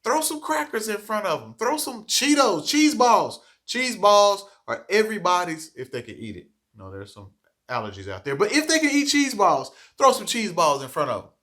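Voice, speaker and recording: A man leads a training session for teachers in a fairly high voice. He talks in an earnest, coaching way and keeps checking in with his listeners. His speech is plain and direct. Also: wildly swooping pitch, normal speed, pushed and bright. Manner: earnest, coaching, frequent "okay?" check-ins. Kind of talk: staff training talk.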